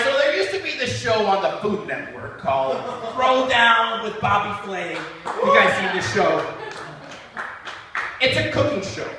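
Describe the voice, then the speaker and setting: A man doing a stand-up set at an open mic, telling stories in an animated, profane way. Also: sits high, a little hiss or hum. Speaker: stand-up comedian. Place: open mic comedy venue. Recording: echoey room, distant mic.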